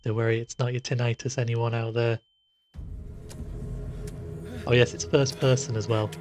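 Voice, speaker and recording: Sitting in a dark room with soft music behind him, a game streamer casually comments on a horror game he's playing live. His mid-range, slightly mellow voice keeps a moderate pace with little pitch movement, and he's chatty, easily grossed out, and often laughing.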